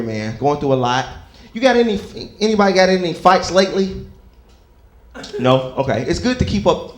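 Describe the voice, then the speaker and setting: A young man doing a stand-up comedy set, loose and conversational, chatting with the crowd between stories. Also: sits high. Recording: echoey comedy club.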